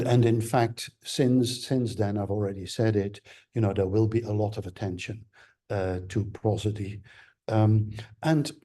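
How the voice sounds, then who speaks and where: Slow, husky male lecturer. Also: fairly low pitch, warm tone. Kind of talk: academic seminar lecture.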